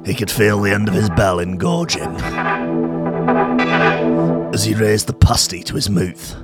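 A man voicing a mock-sultry male erotica narrator in a thick Northern English accent, reading slowly and lingeringly. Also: fairly low pitch, fairly even intonation. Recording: loud music playing underneath.

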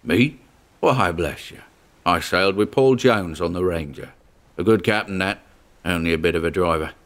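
A man voicing a gruff old male sailor ghost who talks in a laconic, folksy drawl. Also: sits low, moderate pace, a bit bright.

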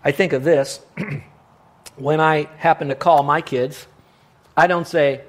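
A man preaching a sermon as pastor, emphatic and slowing down to stress the verses he quotes. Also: fairly high pitch, steady tone.

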